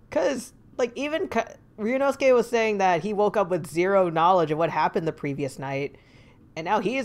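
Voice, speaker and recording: A woman streamer giving casual, chatty let's-play commentary. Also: medium pitch. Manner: chatty, animated, quick to laugh.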